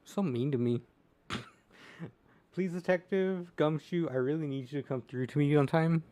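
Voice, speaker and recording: A man's voice: on the high side, moderate pace, a little hiss or hum. A young man streaming a game, chatting casually and gasping at what he sees. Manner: excitable, gasping, playful. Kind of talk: casual gaming commentary.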